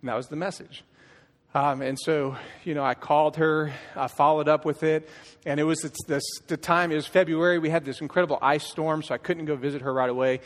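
A man's voice: a little high, fairly even intonation, a little fast. A middle-aged man, a worship leader, giving a personal testimony from a church stage, telling it as a story with acted-out dialogue and frequent restarts. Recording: long church hall reverb.

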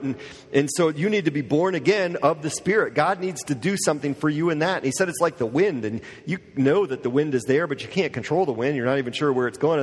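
A man's voice: a little high, breathy edge. A man preaching a sermon to his church in a casual, conversational way, full of fillers and asides. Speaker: pastor. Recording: long church hall reverb.

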